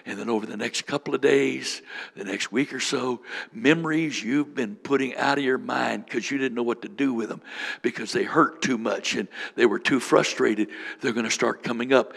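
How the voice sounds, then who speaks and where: A man's voice: medium pitch, moderate pace, creaky. A man preaching as a bishop, leading a fervent prayer with repeated lines and speaking in tongues. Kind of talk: sermon with prayer ministry.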